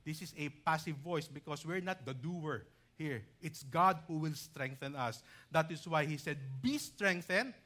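Guy preaching a sermon, kinda high bright voice, explains stuff like a teacher. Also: moderate pace. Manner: emphatic, rising loud when reading scripture lists; teacherly, explains grammar with asides like "okay".

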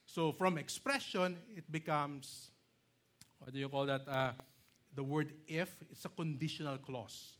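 A male pastor preaching a sermon, emphatic, stretching key words slowly and often checking in with "okay?" and "right?". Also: a little high, a bit bright.

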